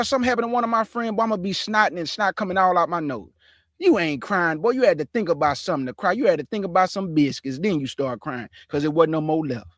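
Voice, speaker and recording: A man hosting a reaction show, scolding and mocking a clip in loud, lively commentary. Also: on the high side, no echo, clean studio sound.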